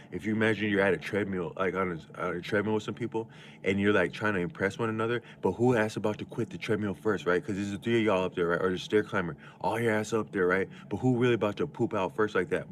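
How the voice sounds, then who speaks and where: A man with a fairly low voice talks casually to his livestream chat. He rambles in loose, slangy speech, circling back and restarting his thoughts. A faint hiss of background noise sits under the voice.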